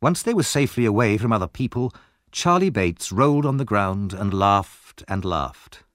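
Expressive male storyteller, low and lively. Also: moderate pace, no room sound, studio quality. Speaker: narrator. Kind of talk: audiobook story narration.

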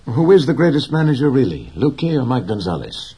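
A man putting on a caring young fisher boy in an audiobook, his voice lifted well above the reader's own, eager and coaxing, with a husky edge that leaps up and down lively. The boy sounds earnest and devoted. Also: mid-range voice, fairly quick, pitched above the performer's own voice, heavily acted. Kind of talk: audiobook character reading.

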